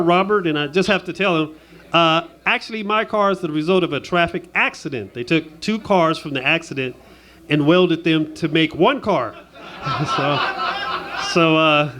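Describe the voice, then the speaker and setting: A man's voice: a little high, a bit bright. A man doing a stand-up comedy set on stage, chatty and self-deprecating, laughing at his own jokes. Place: stage in Las Vegas.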